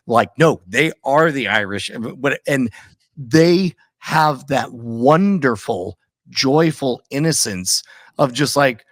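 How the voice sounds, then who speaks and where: A man co-hosting a podcast, reflecting casually and haltingly on an old sitcom. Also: mid-range voice, expressive, dry recording, clean studio sound. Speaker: podcast co-host. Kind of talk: casual chat about a TV episode.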